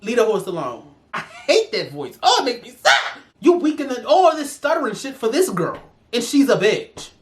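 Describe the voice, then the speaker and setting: A woman's voice: a little high, sing-song, moderate pace. A woman giving a ranting review in a vlog, sassy and profane as she vents. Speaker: show reviewer.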